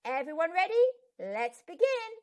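A woman reading a children's book aloud, voicing a kind, calm primary school teacher with an encouraging manner. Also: very high-pitched, normal speed, pitched above the performer's own voice.

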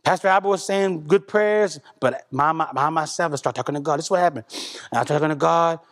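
A man's voice: a little high, fast, fairly bright tone. A man telling his congregation about a personal spiritual experience in an earnest, conversational way, often repeating himself and tossing in "man". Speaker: church member giving testimony. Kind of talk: emotional spoken testimony to a congregation. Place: church service.

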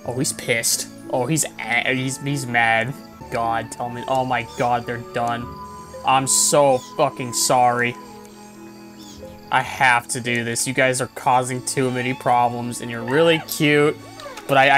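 A young woman giving casual gameplay commentary, swearing often and yelling at the game. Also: extremely low pitch, little pitch movement, unhurried, faint music behind. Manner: swears a lot, yells at the game. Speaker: gaming video creator.

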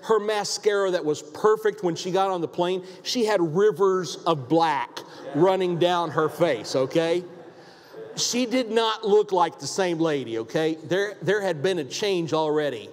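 A pastor preaching a sermon in a church, emphatic and repetitive, asking rhetorical questions. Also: male voice, high-pitched, unhurried. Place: church sanctuary. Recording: long hall reverb.

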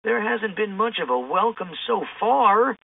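A woman's voice: animated, measured pace, gravelly, dry recording. A woman voicing a jittery, cowardly young man who whines about being hungry, recorded with a tinny sound. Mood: whiny. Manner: whiny, high exclamations.

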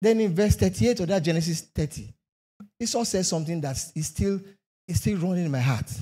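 A man's voice: high voice, a little fast, mellow, slightly rough. A man preaching a sermon, emphatic, asking rhetorical questions and repeating phrases for effect.

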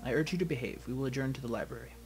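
A man voicing a wealthy elf father in a video game, measured and commanding. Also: mid-range voice, darkish tone, faint music behind, natural voice. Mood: formal.

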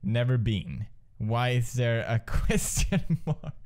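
Male gamer, slow-paced, lively pitch that shoots up into yells, faint hiss and mouse clicks behind. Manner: excitable, yelling and swearing at the game. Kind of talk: let's play commentary.

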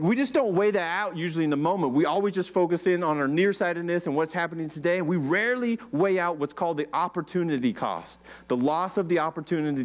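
A man preaching a conversational sermon, asking the congregation questions. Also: fairly high pitch. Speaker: pastor.

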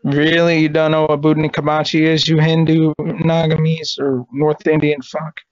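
A man making a prank call, taunting and insulting the person on the line with drawn-out mocking phrases. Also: on the high side, flat delivery. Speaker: prank caller. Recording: muffled lo-fi recording.

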